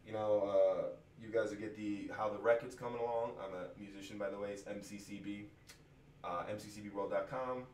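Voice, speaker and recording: This musician's lowish, slightly mellow voice moves briskly with fairly even intonation, over a little hiss or hum. He's venting to his viewers in a frustrated, profane, rambling rant with restarts, recorded far from the mic in an echoey room.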